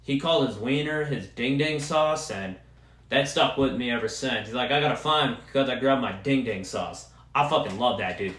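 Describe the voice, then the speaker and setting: A young man hosting a podcast, ranting casually and profanely as an excitable sports fan. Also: medium pitch, moderate pace, echoey room. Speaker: podcast host. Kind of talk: casual solo rant.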